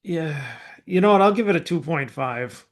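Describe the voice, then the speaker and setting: A man's voice: fairly high pitch, expressive, moderate pace. A man co-hosting a casual music podcast, giving a rambling, hesitant rating of a track with many fillers. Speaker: podcast co-host. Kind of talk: casual chat, album review.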